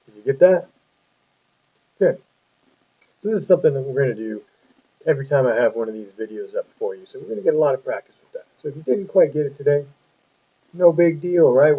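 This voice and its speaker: Male teacher, patient and upbeat, quizzing young kids on phonics; husky voice, thin phone-quality audio. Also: medium pitch. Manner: patient, encouraging, asks many questions. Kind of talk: phonics lesson for young children. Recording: tinny lo-fi phone-like sound.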